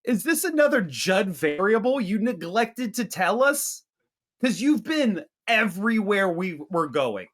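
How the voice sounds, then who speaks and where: Animated high-voiced man riffing crudely. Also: unhurried. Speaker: podcast co-host. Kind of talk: casual comedic movie review.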